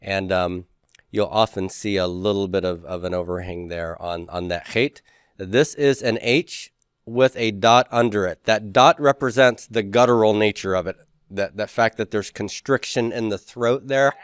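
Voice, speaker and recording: A man's voice: on the low side, normal speed, smooth, no echo, studio quality. A man teaching a class, drawing out letter sounds and adding joking asides. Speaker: Hebrew teacher. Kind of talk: classroom lecture.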